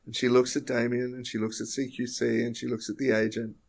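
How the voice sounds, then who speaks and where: A wry man narrates an improvised story on a comedy podcast, his jokes landing deadpan. His voice is mid-pitched with a gravelly, fry-laced texture. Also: a little fast. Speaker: podcast co-host.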